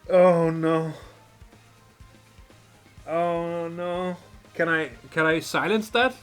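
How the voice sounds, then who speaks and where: A man's voice: on the high side, fairly even intonation, very slow, fairly bright tone, clean tone, faint music behind. A man doing let's play commentary over a strategy game, full of profane, exasperated banter. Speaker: game streamer.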